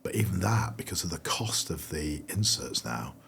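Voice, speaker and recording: A man's voice: very deep voice, very animated, normal speed, gravelly, a bit bright, a little hiss or hum. A middle-aged man, a brand founder being interviewed, talking casually and rambling with lots of fillers and restarts. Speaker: guest.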